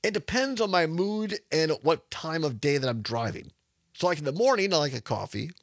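A man's voice: fairly high pitch, expressive, normal speed. A man hosting a radio talk show, chatty and rambling, laughing often. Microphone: studio microphone.

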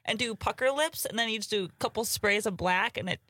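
A woman co-hosting a casual podcast who tells lively anecdotes, reacts quickly and laughs easily. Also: medium pitch, no room sound. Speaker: podcast co-host. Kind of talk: casual chat.

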